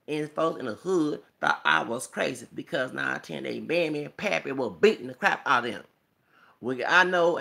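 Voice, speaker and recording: A man's voice: mid-range voice, gravelly, pushed and bright. A man vlogging a rambling, emphatic commentary monologue, preachy and quoting scripture, punctuated with rhetorical "okay?" and "hello!".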